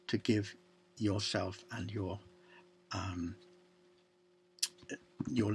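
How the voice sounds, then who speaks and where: A man preaching a sermon, slow and deliberate, with long pauses and quiet drops to a near-whisper. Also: on the low side, gravelly, slightly rough. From Ireland.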